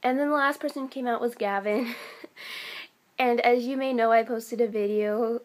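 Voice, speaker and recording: An excitable teenage girl chatting to camera in a casual vlog, her voice a little high. She rambles eagerly, filling her sentences with "like" and "um". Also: moderate pace. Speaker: vlogger.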